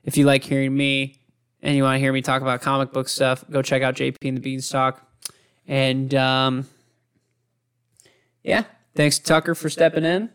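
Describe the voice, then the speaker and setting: A podcast host in casual chat, unhurried and self-mocking. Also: medium pitch, level tone, a bit bright, smooth.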